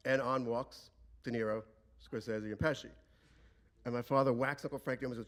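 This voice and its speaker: A man telling a comic family story live on stage before an audience, with lively delivery. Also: medium pitch, fairly quick.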